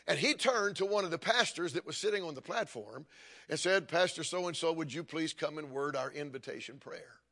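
A man's voice: fairly high pitch, moderate pace, fairly bright tone. Older man preaching with rising emphasis. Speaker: pastor. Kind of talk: sermon.

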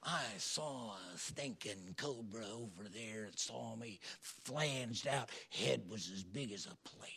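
A preacher impersonating a hushed, dramatic storytelling man. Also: on the low side, slow pace, creaky, hardly any pauses, breathy edge, pitched below the performer's own voice, exaggerated voice. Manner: hushed then bursting into shouts.

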